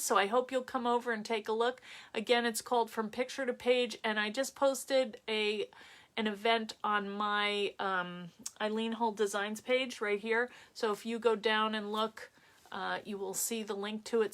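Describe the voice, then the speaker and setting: A woman's voice: mid-range voice, a bit bright. A middle-aged woman with a New York accent hosts a casual live craft tutorial, chatting and greeting viewers by name as she works.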